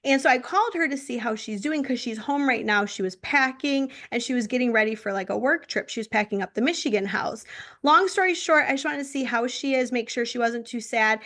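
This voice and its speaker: A young woman co-hosting a podcast, telling a story in an animated, chatty way. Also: on the high side, brisk. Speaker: podcast co-host. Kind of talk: casual chat.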